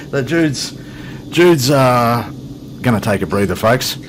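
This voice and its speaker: A man's voice: medium pitch, lively intonation, takes it slowly, a little hiss or hum. A man hosting a flight simulator video, chatting casually with jokes and self-deprecating asides. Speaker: flight sim video host. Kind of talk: casual gameplay commentary.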